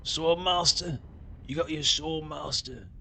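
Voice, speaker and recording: A man putting on a mock regional accent as joking townsfolk, with drawn-out vowels. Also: on the high side, vocal fry, pushed and bright, a little hiss or hum, full character voice.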